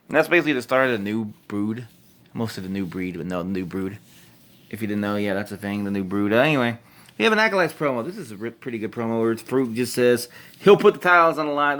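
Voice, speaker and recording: A man's voice: medium pitch, a bit bright. A man casually recapping an old wrestling show, rambling and correcting himself as he goes. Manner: rambling, self-correcting, chuckles often.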